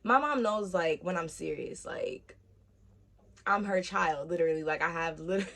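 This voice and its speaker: A young woman vlogger telling a personal story in casual, animated chat, swearing freely and acting out the voices of the people she quotes. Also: fairly low pitch, a little slow, creaky.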